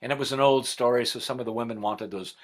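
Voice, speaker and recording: A middle-aged man telling a folktale aloud, expressive and swinging from whispers to loud passages. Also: mid-range voice, quick pace. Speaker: storyteller.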